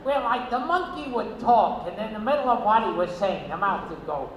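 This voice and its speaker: Gravelly man doing live stand-up. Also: high voice, expressive, moderate pace, fairly bright tone. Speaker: stand-up comedian. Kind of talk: stand-up comedy set. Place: casino stage, live audience. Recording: echoey, noisy audience bootleg.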